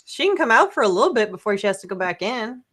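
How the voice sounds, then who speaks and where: Bashful woman panelist, somewhat high voice. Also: sing-song, quick pace, fairly bright tone. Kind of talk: casual chat.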